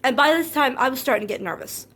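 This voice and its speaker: A woman content creator talking straight to her viewers in a personal monologue, earnest and hurt, calm but anxious, often repeating herself. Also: sits high. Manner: calm and measured, not loud.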